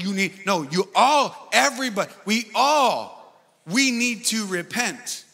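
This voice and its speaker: Animated preacher, bright high voice. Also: male voice, normal speed. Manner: animated preaching, swinging between loud and soft. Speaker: pastor. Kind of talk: sermon. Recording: long hall reverb with faint music.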